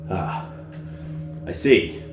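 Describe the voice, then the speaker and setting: A man voicing a calm, shrewd male bugbear leader in a tabletop role-playing game, speaking louder and higher than his own voice. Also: extremely slow, echoey room, over music. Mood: commanding. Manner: raises pitch and volume sharply for the character.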